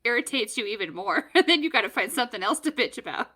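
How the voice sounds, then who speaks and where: A woman's voice: fairly high pitch, big pitch swings, sharp tone. A woman co-hosting a podcast in casual chat, laughing often and chiming in with short replies. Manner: laughs often, quick supportive interjections. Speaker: podcast co-host.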